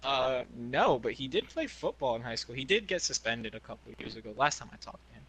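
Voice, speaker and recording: A man's voice: mid-range voice, sing-song, fairly quick, a bit bright, slight background noise. A young man co-hosting a podcast, rambling through a childhood story in casual chat. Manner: rambling, many restarts and fillers. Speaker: podcast co-host.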